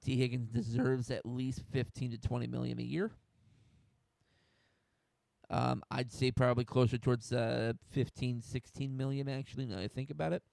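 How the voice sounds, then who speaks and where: Young american guy on a sports stream, gravelly voice, dry close sound, rants and swears. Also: mid-range voice, flat delivery, normal speed, a little mellow, no echo. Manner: fired-up, swears, rants and restarts. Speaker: host. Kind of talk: solo sports talk stream.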